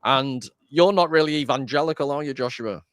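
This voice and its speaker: A man's voice: medium pitch, fairly quick, clean tone, no room sound, clean studio sound. Chatty, self-deprecating man host. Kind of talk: casual discussion.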